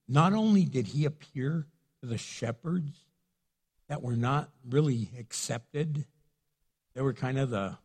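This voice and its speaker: A middle-aged man, a pastor, preaching a sermon in a husky voice, earnest and conversational, acting out prayers in between. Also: medium pitch, animated, measured pace, darkish tone. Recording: long hall reverb.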